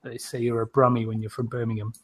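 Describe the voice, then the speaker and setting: A man's voice: medium pitch, flat delivery, quick pace. A man co-hosting a podcast in casual chat, joking and laughing often. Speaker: podcast co-host.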